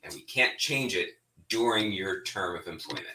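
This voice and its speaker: Man, middle-aged, blunt, heated, bright edgy tone, distant mic, roomy echo. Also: fairly low pitch, normal speed, a little hiss or hum. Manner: animated, heated, speaks bluntly. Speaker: state representative giving an update. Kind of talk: informal spoken update.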